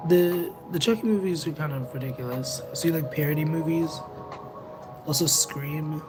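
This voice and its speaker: A young man chatting casually with viewers on a livestream, rambling and second-guessing himself out loud. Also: fairly high pitch, normal speed. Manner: rambling, self-conscious, overthinks aloud. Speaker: livestreamer and tarot reader. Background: music playing in the background.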